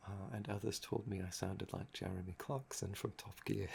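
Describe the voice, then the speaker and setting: A young man with a gravelly, fry-laden voice, talking in a soft-spoken ASMR chat that meanders and trails off. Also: low voice, little pitch movement, normal speed, slight background noise. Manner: meandering and musing, often trailing off with "um". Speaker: ASMR channel host.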